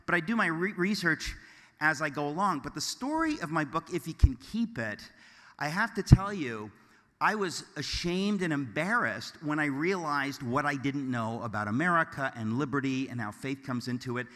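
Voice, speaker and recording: A man giving a speech to a live audience, mixing deadpan mock-offensive jokes with earnest, rambling remarks. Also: on the high side, normal speed. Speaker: keynote speaker. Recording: long hall reverb.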